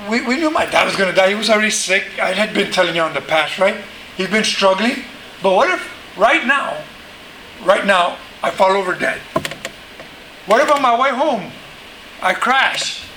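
A man's voice: high-pitched, pushed and bright, roomy sound, slight background noise, poor audio. A man preaching a sermon, emphatic and conversational, often asking his listeners "right?" and calling for answers. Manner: emphatic, call-and-response, frequent "right?". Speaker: pastor.

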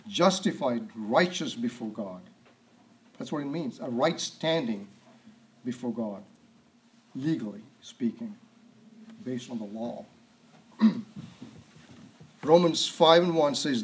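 A man preaching a sermon, stressing and repeating key words and often clearing his throat. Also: medium pitch, expressive, slow pace, pauses often, low-quality recording.

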